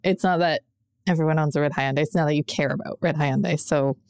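A woman co-hosting a podcast in casual chat, quick and sarcastic, often laughing. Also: low voice, fairly even intonation, a little mellow, smooth, no room sound, clean studio sound. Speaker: podcast co-host.

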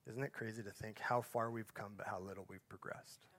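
A male pastor giving a sermon, each phrase swelling up and then dropping off to a soft, hushed finish, with conversational asides and self-corrections along the way. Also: on the low side, steady tone, brisk.

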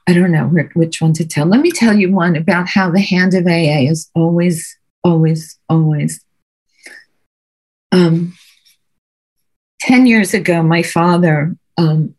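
Over a video call, a middle-aged woman shares her personal recovery testimony as a guest speaker at a recovery meeting, earnest and conversational. Her voice is fairly low, a little mellow and slightly rough, and she often repeats words for emphasis.

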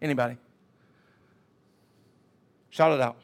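A man's voice: medium pitch, steady tone, unhurried. A man preaching a sermon as pastor, emphatic and calling out to his congregation for responses.

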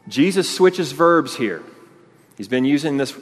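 A pastor, preaching an animated sermon and acting out the crowd's voices. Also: male voice, medium pitch, measured pace. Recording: long hall reverb.

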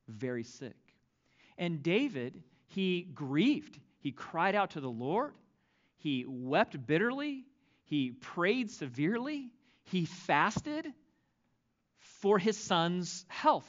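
A male pastor preaching a sermon, reading scripture aloud with dramatic, expressive delivery. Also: sits high, highs cut off.

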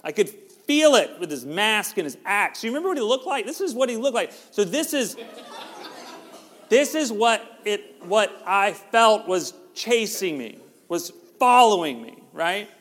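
With a high-pitched, sing-song voice that's a bit bright, a middle-aged pastor preaches at a measured pace. His conversational sermon jokes with the congregation, recorded in a church sanctuary with long hall reverb.

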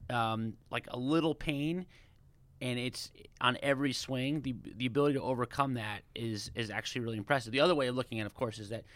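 A man's voice: medium pitch, fast talker, fairly bright tone, no echo. A man co-hosting a podcast in casual studio chat, analytical and talking things through at length. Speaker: podcast co-host.

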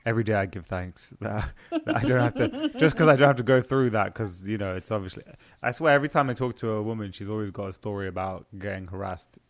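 Low-voiced man, halting podcast host. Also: animated. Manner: halting, restarts and trails off while asking. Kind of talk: casual podcast chat.

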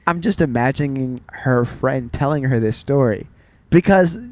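A man's voice: medium pitch, moderate pace, crowd noise. A man co-hosting a casual podcast, telling a funny story with lots of laughter and acted-out quotes. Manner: animated storyteller who laughs a lot. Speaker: podcast co-host. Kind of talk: casual chat.

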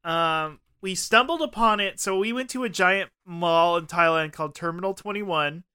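A man's voice: high-pitched, normal speed, pushed and bright, clean tone. A young man co-hosting a podcast, rambling and joking in casual chat, swearing freely. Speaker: podcast co-host.

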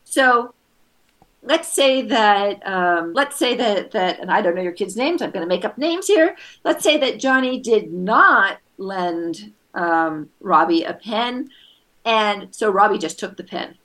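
A woman's voice: mid-range voice, lively intonation, unhurried, fairly bright tone. Patient woman coaching on family meetings. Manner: patient, acts out kids' voices in quotes. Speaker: parenting coach. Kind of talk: advice session.

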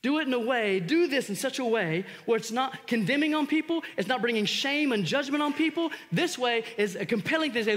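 Animated male pastor in a reverberant hall. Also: very high-pitched, fairly quick, few pauses. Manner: animated storytelling with shouted re-enactments. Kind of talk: sermon.

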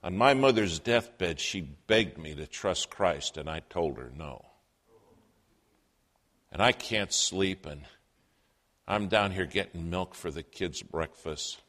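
A man voicing a grave, sleepless middle-aged mother who speaks low, hushed and solemn in a sermon story. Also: animated, slow, exaggerated voice.

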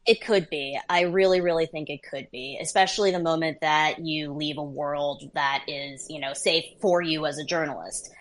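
A woman in her thirties, a journalist guest, telling stories in a lively, casual interview chat. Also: low voice, moderate pace, few pauses. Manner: lively storyteller, laughs between phrases.

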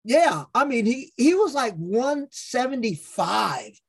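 A man's voice: extremely high pitch, slow pace, creaky, breathy edge. A man hosting a podcast, telling stories casually with lots of profanity and acted-out quotes. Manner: profane, animated storyteller acting out quotes. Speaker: podcast host. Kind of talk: casual storytelling.

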